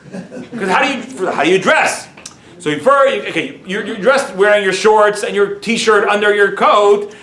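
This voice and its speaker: Animated rabbi with a high voice. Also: male voice. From United States. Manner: animated storyteller, sprinkles Yiddish and Hebrew words, self-amused. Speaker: rabbi teaching a class. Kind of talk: lively Torah class lecture. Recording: roomy echo.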